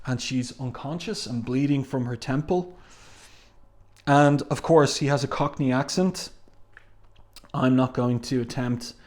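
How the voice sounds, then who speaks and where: A man's voice: medium pitch, a little mellow. A man casually reviewing a comic book and reading passages aloud, with frequent "um" fillers. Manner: chatty, with "um" fillers.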